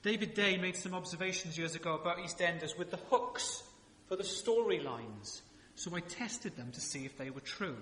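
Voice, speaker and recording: Male pastor, sermon delivery, bright voice sitting a bit high, relaxed asides and rhetorical questions, church hall reverb. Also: normal speed, few pauses. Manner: conversational preaching with rhetorical questions and humorous asides. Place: church sanctuary.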